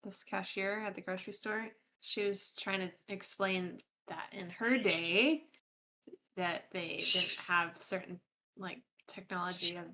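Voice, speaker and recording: A woman's voice: mid-range voice, fairly even intonation, measured pace, sharp tone, slight background noise, poor audio. A woman on a casual live stream, telling chatty anecdotes and giggling.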